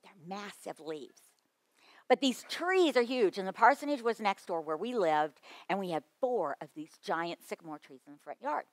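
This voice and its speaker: A middle-aged woman giving a storytelling talk to children's ministry teachers, lively, with quick asides and chuckles. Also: mid-range voice, no room sound. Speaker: children's ministry workshop speaker.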